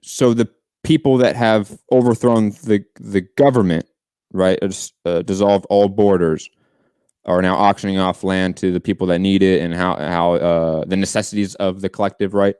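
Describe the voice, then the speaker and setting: A man's voice: low voice, fairly even intonation, moderate pace, a little mellow, clear, resonant tone, no room sound, clean studio sound. A man co-hosting a political podcast debate, pressing his opponent with long probing questions. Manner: probing, pushes back with questions. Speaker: podcast co-host.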